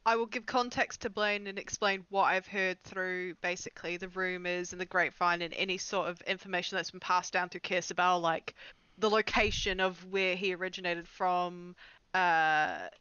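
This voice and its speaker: Man, bright, crisp voice, tabletop game player, dry lo-fi mic. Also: high-pitched, no room sound. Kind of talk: casual tabletop game chat.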